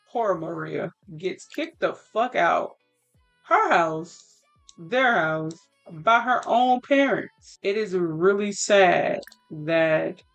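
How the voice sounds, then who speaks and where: A woman's voice: lowish voice, dull audio. A woman casually narrating a life-sim game story, rambling with fillers and the odd curse. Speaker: let's play creator.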